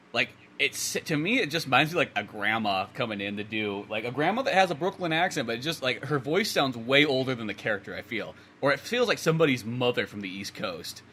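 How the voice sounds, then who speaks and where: A man's voice: mid-range voice, animated, a little fast, sharp tone, a little hiss or hum. A man co-hosting a podcast, giving casual opinions on a film and rambling, often trailing off and restarting. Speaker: podcast co-host. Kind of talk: casual movie review chat.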